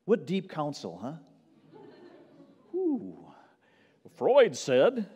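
A male pastor preaching a sermon, telling a story in a hush and then building to loud preaching. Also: fairly high pitch, huge pitch swings, drawn-out words, breathy edge, muffled recording. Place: church sanctuary. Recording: long hall reverb.

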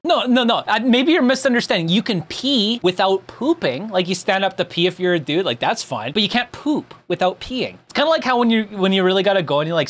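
A man's voice: sits high, fairly bright tone. A young man streaming and chatting casually while reacting to videos, with crude, rambling jokes. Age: young adult.

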